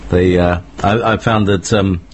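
A man's voice: sits low, fairly even intonation, unhurried, slight background noise. A man hosting a casual spiritual conversation, speaking reflectively and asking his guest questions.

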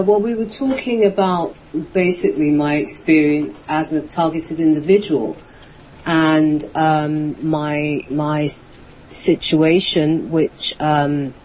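A woman with a British accent, a guest calling in to a radio show, soft-spoken and a little hesitant. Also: deep voice, a little hiss or hum. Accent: British English. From England. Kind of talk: phone-in interview. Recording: dull lo-fi phone call.

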